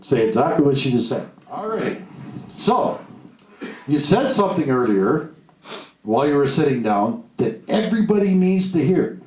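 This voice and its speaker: A man with a medium-pitched, darkish voice gives an emphatic motivational seminar talk to a live audience, acting out the voices he quotes. He's recorded from a distance and off-mic in an echoey room with faint hiss.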